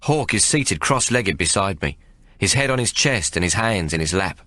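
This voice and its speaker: A man narrating an audiobook in the first person, in a rough working-class storyteller's dialect. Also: low voice, animated, moderate pace, sharp tone, no room sound, clean studio sound.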